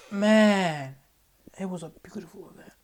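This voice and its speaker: A young man from Australia, a musician, telling the story of his album event in a casual, excitable way, jumping between loud hype and quiet mumbled asides. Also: high-pitched, background noise. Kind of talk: casual vlog recap.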